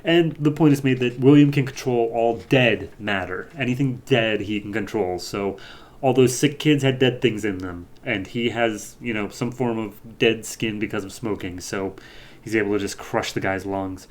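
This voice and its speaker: A man's voice: on the low side, moderate pace. Man animatedly recapping a comic. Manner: animated retelling, acts out voices. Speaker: podcast host. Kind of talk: casual comic book recap.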